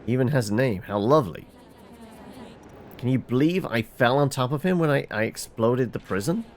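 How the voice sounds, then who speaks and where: A man's voice: medium pitch, animated, moderate pace, a little mellow, a little hiss or hum. A man reading a game's dialogue aloud for every character, with fillers and small restarts. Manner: reads all characters, stumbling with fillers. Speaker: game reviewer reading dialogue.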